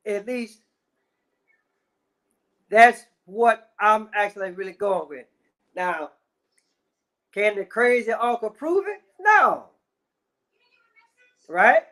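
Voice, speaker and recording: A man's voice: high voice, bright, forceful tone. A man ranting in casual commentary, heavy on swearing and repeated fillers. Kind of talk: profane rant.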